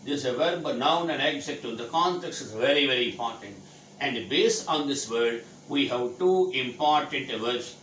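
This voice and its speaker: In an echoey room with faint background noise, a man from India explains English vocabulary, spelling each word letter by letter and answering questions he asks himself. His voice sits in the mid-range, fairly bright, at a moderate pace.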